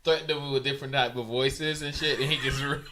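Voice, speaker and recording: A man's voice: medium pitch, steady tone, fast talker, bright, forceful tone, a little hiss or hum. A man in casual podcast chat, telling stories animatedly and laughing often. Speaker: podcast guest.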